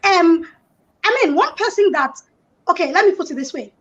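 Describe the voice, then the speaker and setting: High-voiced Nigerian woman on a dull call line. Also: expressive. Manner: measured, explanatory, frequent "you know". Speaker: panel guest. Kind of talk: online panel discussion.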